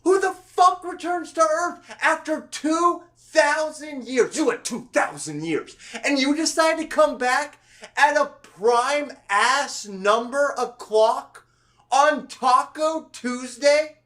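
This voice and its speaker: An enraged young man , played by a man in his own voice, yells and curses with no filter at all. His voice sits high and often rises to a shout. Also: expressive, slow, full character voice. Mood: furious. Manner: shouting, profane ranting. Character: furious young man, ranting and unfiltered.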